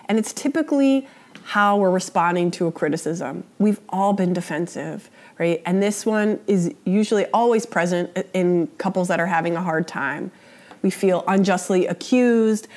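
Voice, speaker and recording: Woman lecturing, tagging lines with "right?". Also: mid-range voice. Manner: explains in a conversational way, with frequent "right?" checks; acts out example quotes in a raised, sharper voice. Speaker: relationship educator. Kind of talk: spoken lecture on relationships.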